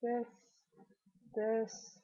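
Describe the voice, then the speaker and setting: A woman's voice: a little high, monotone, very slow, dark tone, muffled recording. A woman who is sick, talking in a rambling, self-deprecating, earnest way straight to the viewer through her computer's webcam. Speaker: vlogger.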